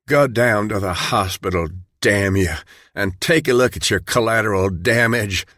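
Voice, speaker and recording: A man voicing an outraged male minister who speaks in a sharp, indignant way. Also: medium pitch, moderate pace, dry recording, studio quality, pitched above the performer's own voice, close to an everyday voice.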